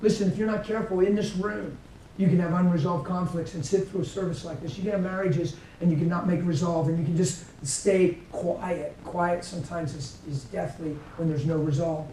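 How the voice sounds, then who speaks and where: Captured from a distance in an echoey church meeting room with faint background noise, a man preaches conversationally, acting out quotes within his stories. His warm voice sits high, with fairly even intonation and a slightly fast pace.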